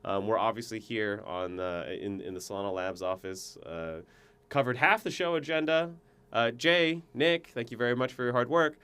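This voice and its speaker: A man co-hosting a podcast, giving his opinions in an animated, casual way, often restarting his sentences. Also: medium pitch, moderate pace, clean tone. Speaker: podcast co-host. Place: podcast booth at a conference office.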